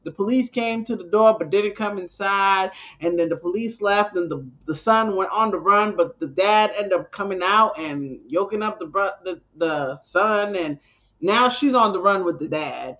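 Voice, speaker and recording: A woman's voice: mid-range voice, normal speed, fairly bright tone. Woman host, rambling, exasperated, muffled lo-fi stream audio. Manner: rambling, exasperated, lots of restarts. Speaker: live stream host reacting. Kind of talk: live reaction chat.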